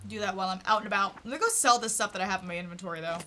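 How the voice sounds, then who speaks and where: A woman's voice: mid-range voice, rapid-fire, pushed and bright, slight background noise. A woman from Texas chatting casually with her live-stream chat while playing a farming game, giggling often.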